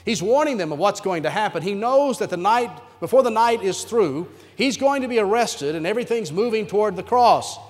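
Male pastor, emphatic storytelling sermon, high voice, echoing church hall. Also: animated, brisk, hardly any pauses. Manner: emphatic, dramatic retelling. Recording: reverberant hall sound.

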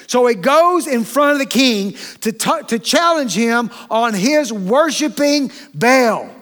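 A man preaching a sermon in a chatty, animated way, often checking in with the congregation. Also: very high voice, takes it slowly. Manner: animated, chatty, keeps asking the congregation "okay?".

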